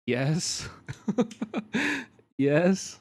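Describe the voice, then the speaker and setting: A man with a Kansas City accent, commenting casually and profanely on a video during a live stream, given to excitable bursts of mock outrage. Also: a little high, drawn-out words, no echo. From Kansas City, USA.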